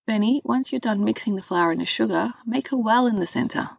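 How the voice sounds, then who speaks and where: A woman reading a storybook voicing a kind mother who gently gives baking instructions. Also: on the high side, a little fast, gravelly, husky, dry recording, muffled recording, pitched above the performer's own voice, full character voice.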